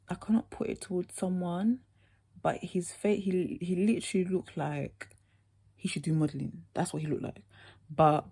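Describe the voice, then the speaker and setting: A woman's voice: low voice, vocal fry, mellow, husky. A young woman telling a rambling, chatty story. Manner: rambling, chatty, constant "yeah" and "like". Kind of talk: casual storytime monologue.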